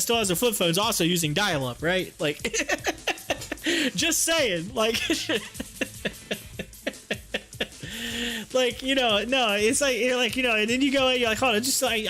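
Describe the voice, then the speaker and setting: A high-pitched, bright and forceful male voice chatting loosely to his live stream audience. He is animated and chuckles between thoughts, with faint music running behind him. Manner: animated, laughs often, drawls on his words. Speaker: livestream host. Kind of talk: casual livestream chat reading viewer comments.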